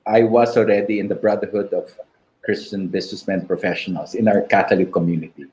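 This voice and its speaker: A man in his fifties with a Filipino English accent, sharing a personal testimony in an interview, reflective and halting. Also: sits low, fairly even intonation, darkish tone, rough recording. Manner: slow and reflective, halting restarts, "diba" tags. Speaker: guest.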